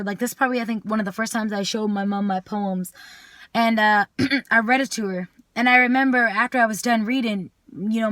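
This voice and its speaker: A young woman with a fairly high voice talks earnestly and plainly, moving between relaxed vlog chat and a spoken word poem. The sound is dry and close, with little room echo.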